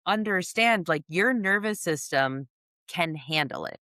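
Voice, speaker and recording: A woman co-hosting a podcast, chatting casually and telling animated stories with frequent laughter. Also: on the low side, a little slow, dry recording, clean studio sound. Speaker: podcast co-host and coach. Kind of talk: casual conversational storytelling.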